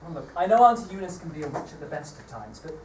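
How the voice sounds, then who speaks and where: A woman's voice: low-pitched, big pitch swings, fast. Woman playing an earnest young son. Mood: pleading. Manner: earnest, gently pleading. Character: caring young adult son, gently persuasive. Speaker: amateur stage actor. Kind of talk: live stage drama. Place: theatre stage. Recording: echoey theatre stage from far off, noise.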